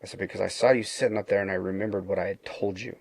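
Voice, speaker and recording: A deep, gravelly man's voice tells a story from his own life, earnest and unpolished, with frequent restarts. His tone is husky. The sound is dry and close. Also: fairly even intonation, very fast, a little mellow, no room sound. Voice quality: low gravelly voice. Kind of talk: casual storytelling.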